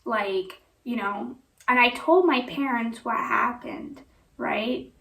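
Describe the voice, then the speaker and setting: A woman's voice: fairly high pitch, slow, creaky, fairly bright tone. A woman telling a personal story on her vlog in a rambling way, full of "you know" and "like". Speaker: vlogger. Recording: echoey room, voice from a distance.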